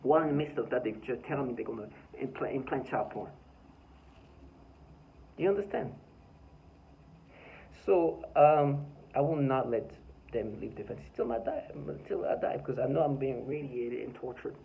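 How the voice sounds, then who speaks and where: A man's voice: medium pitch, moderate pace, creaky, narrow, tinny audio, a little hiss or hum. A man talking by his front door in an agitated, rambling vlog monologue, full of stammered restarts and bitter laughs. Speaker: vlogger.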